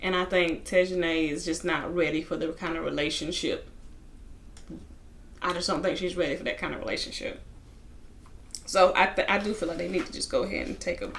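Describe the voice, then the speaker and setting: A woman's voice: fairly low pitch, steady tone, a little fast, vocal fry, pauses often, a bit bright, a little hiss or hum. A woman casually recapping a reality TV episode, chatty, with lots of asides. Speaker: TV reality show reviewer.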